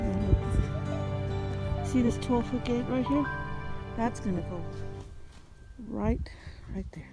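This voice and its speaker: A woman films a casual vlog outdoors on her rural homestead and chats directly to her viewers. Her voice sits a bit on the high side, and she sounds like she is holding a phone camera. Loud music plays under her talk throughout. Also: slow, pauses often. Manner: chatty, addresses viewers as guys and y'all. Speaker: homestead vlogger and mother. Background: loud background music.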